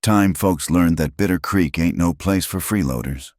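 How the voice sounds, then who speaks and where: A man's voice: deep voice, normal speed, a little mellow, no echo, studio quality, lightly acted. A man voicing a bulky, cruel frontier sheriff who drawls. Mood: menacing.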